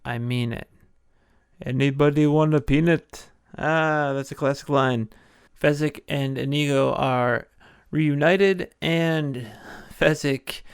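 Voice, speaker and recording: A podcast host casually recapping a movie in a playful, jokey way. He talks slowly with a gravelly yet smooth, resonant voice. The sound is dry and close to the mic. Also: mid-range voice, no room sound.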